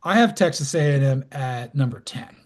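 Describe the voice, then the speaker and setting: A man co-hosting a college football podcast, relaxed and self-deprecating, steering the talk between topics. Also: mid-range voice, normal speed. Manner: relaxed, self-deprecating, moves the show along. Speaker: podcast co-host. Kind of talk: casual sports chat.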